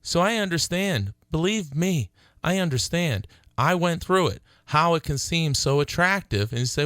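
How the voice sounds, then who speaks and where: A middle-aged man hosting his own radio talk show, speaking earnestly and growing excited as he urges listeners to call. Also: fairly high pitch, normal speed, no room sound. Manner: earnest, excitable, laughs between phrases. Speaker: attorney and radio show host.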